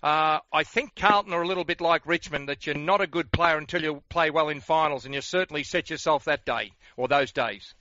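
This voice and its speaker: A man's voice: on the high side, a little fast, few pauses, bright, forceful tone, dry recording. An Australian man hosting a radio interview, asking leading, reminiscing questions. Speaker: radio host. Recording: dry, dull lo-fi sound.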